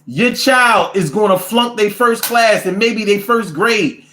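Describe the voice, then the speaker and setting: Casting: high-pitched man, comic ranter in an echoey room. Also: unhurried, slight background noise. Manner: animated, profane, rants with repetition. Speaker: host reading viewer comments. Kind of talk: casual comedic storytelling.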